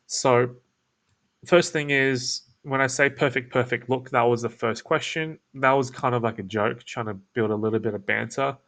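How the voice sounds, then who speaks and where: A man with an Australian accent explaining a cold call script in a casual teaching talk, his voice creaky and croaky, kept laid-back and toned down. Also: steady tone, normal speed, a bit bright. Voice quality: creaky, croaky low delivery. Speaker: agency owner teaching cold calling. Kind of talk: casual instructional talk with demo lines.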